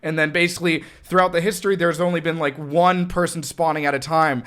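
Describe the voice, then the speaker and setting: A young man co-hosting a casual podcast, explaining an idea with many pauses and fillers. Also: fairly high pitch, fairly even intonation, a bit bright. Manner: hesitant, searching for words. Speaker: podcast co-host. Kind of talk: casual chat.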